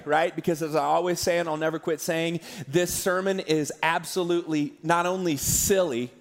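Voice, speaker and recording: A man preaching a sermon as pastor, talking in a conversational, emotional way with jokey asides. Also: a little high. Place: large arena church. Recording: long hall reverb.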